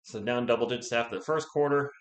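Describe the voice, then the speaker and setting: A medium-pitched young man talks quickly, with roomy sound and slight background noise, as he hosts live play-by-play. His sore throat makes him sound sick, and he deliberately keeps his volume low. He's chatty and responds to viewers.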